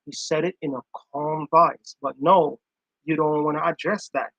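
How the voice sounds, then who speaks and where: A man's voice: on the high side, steady tone, normal speed, pushed and bright, dry recording, low-quality recording. Chatty, emphatic male stream commentator. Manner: emphatic, chatty, repeats himself. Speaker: commentator reacting to played audio. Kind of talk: casual live-stream commentary.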